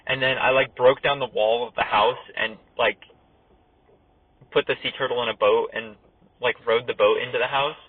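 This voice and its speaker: A man's voice: mid-range voice, steady tone, normal speed, husky. A young man casually telling a story while driving, rambling with lots of "like" and chuckles. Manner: rambling, heavy use of "like", laughs while telling. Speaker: podcast host. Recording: tinny phone-like audio with faint noise.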